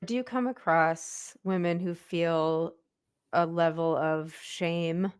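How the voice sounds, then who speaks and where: A woman hosting a podcast, reflecting on her own experience in a halting, searching way. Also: on the low side, fairly even intonation, clear, resonant tone. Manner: reflective, halting, with many restarts. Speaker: podcast host. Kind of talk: casual interview conversation.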